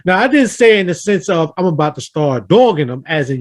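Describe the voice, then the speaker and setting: Earnest storytelling man, slightly high voice. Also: a little fast, hardly any pauses. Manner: earnest, animated storyteller who acts out quotes. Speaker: host of a round table discussion. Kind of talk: casual storytelling in a group talk.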